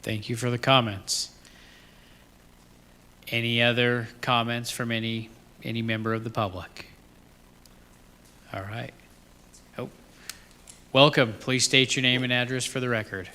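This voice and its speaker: Casting: bright, sharp male chair with brief formal calls, hall reverb. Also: medium pitch, little pitch movement, measured pace, pauses often. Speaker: meeting chair. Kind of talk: chairing a public meeting.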